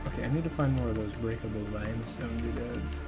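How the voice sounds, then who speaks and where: A young man giving excitable, jokey let's play commentary and chatting to the creatures on screen. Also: medium pitch, fast. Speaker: gaming channel host. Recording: game music running underneath.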